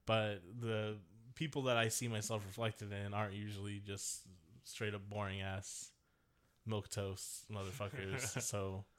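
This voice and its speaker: A man's voice: fairly low pitch, fairly bright tone, clean tone. A man co-hosting a podcast in casual, rambling chat, with lots of fillers and swearing. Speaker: podcast co-host.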